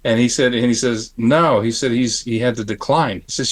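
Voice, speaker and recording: A middle-aged man from Phoenix, Arizona, a makeup effects artist telling stories on a panel, acting out the people in them and often clearing his throat. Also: medium pitch, normal speed. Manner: animated, acts out the people in his anecdotes; frequent throat clearing and restarts. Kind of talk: storytelling on a panel.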